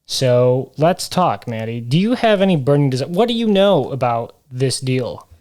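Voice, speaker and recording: A man's voice: medium pitch, big pitch swings, darkish tone. A man with a middle-range voice hosts a casual podcast chat. He explains things patiently and teases his co-host, and his sentences often stall on little fillers. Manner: explanatory and teasing, with halting fillers.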